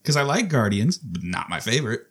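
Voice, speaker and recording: A woman's voice: a bass voice, big pitch swings, a little fast, husky. A woman co-hosting a podcast in casual chat, playful and teasing. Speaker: podcast co-host.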